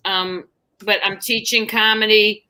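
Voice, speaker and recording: A woman's voice: medium pitch, little pitch movement, a little slow, bright, forceful tone. A woman comedian chatting as a guest on a livestream, telling jokes with a brash, punchy delivery. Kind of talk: casual chat with a stand-up bit.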